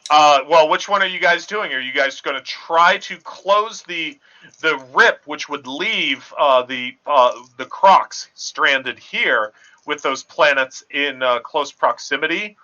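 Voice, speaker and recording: Bright-voiced man running a tabletop game. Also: fairly high pitch. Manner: halting, filler-heavy narration. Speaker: game master. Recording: dull lo-fi audio.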